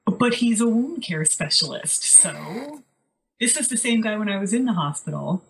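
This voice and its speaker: A woman's voice: medium pitch, big pitch swings, moderate pace, creaky, low-quality recording. A woman co-hosting a podcast, telling stories in a chatty, wry, casual way. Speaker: podcast co-host. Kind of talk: casual chat.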